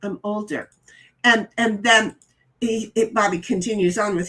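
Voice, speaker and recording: A woman's voice: medium pitch, steady tone, normal speed, fairly bright tone. A middle-aged woman hosting a casual live stream, reading chat messages aloud and chatting about them with frequent stammered restarts.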